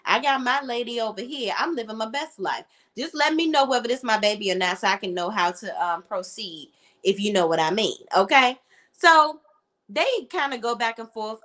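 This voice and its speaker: A woman with a fairly high voice talks through a TV episode in a casual recap. Her pitch swings widely as she dramatizes each scene and slips into the characters' lines. The delivery is lively and full of commentary. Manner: animated, dramatic retelling with lively quoted asides. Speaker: TV show reviewer.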